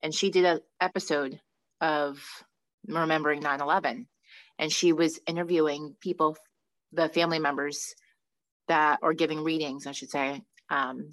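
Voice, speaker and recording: Emotive woman, low voice. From Long Island, New York. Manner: emotional, animated storytelling with many restarts. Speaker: podcast co-host. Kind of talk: casual podcast chat.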